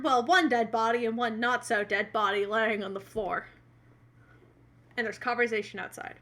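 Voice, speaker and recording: A woman running a tabletop role-playing game on a live stream, describing scenes for her players. Her voice is bright and a touch higher than average. She hesitates often and fills gaps with ums and uhs. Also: steady tone, normal speed. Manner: hesitant, filler-heavy. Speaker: game master.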